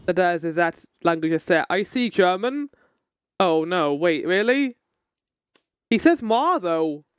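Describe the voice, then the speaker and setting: High-voiced man joking through a game. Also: expressive, measured pace, clean tone, no echo. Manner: reads game text aloud, then jokes to chat. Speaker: streamer. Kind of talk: casual gaming commentary.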